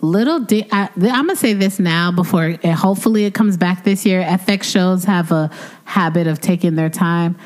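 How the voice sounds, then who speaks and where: A woman co-hosting a podcast in casual chat, animated and quick to laugh as she gushes. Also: on the low side. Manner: animated, laughs often, gushes about favorite shows. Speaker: podcast co-host.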